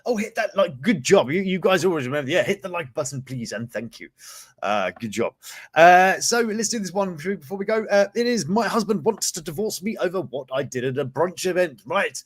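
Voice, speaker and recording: Guy hosting a live news stream, kinda high voice, dry sound, keeps cracking jokes and swearing. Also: very animated, a little fast, slightly rough, no echo. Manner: cheeky, sweary asides and chuckles while reading stories. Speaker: host of a news and reviews show. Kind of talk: casual live-stream chat reading news.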